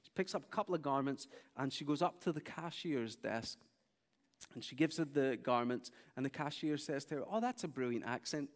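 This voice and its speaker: At a moderate pace and medium pitch, a man delivers a storytelling sermon in a large church hall, with big-room sound. He animatedly performs the people in his stories, acting out their quoted speech.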